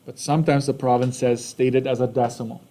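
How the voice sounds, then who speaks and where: A man's voice: mid-range voice, little pitch movement, fast talker, warm tone. A man with a Canadian accent teaching a math lesson casually, often checking in with "right?" and "okay?".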